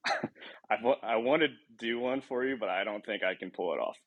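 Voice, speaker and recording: A man's voice: lowish voice, moderate pace, muffled recording. A man hosting a casual podcast chat, rambling with lots of ums, restarts and laughs. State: short on sleep. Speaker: podcast host.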